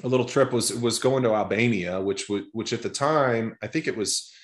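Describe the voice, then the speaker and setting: A man's voice: lowish voice, normal speed. A man in his forties from Texas, a guest telling long stories in a casual interview, with many restarts. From Texas, USA. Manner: rambling, repeats words and restarts often.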